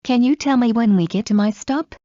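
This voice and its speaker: A woman reading everyday English phrases aloud one by one, in a measured drill with a pause after each phrase. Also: fairly high pitch, mellow, no echo. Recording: dull lo-fi dry recording.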